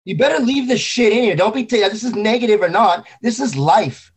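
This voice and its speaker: A man's voice: high voice, animated, brisk, husky. A man talking casually about grief, intense and rambling, swearing often. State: grieving. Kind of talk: emotional casual talk.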